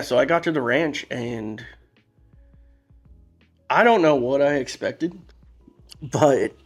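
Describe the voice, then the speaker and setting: A man's voice: mid-range voice, vocal fry. A man, possibly, telling a personal story in a candid, emotional way, rambling and restarting as he talks. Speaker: podcast guest. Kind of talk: casual storytelling.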